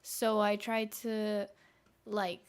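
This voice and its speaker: A woman's voice: mid-range voice, monotone, extremely slow, clear, resonant tone. Young woman rambling through a story. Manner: rambling anecdotes with fillers and laughs. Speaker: streamer. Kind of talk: casual chat while gaming.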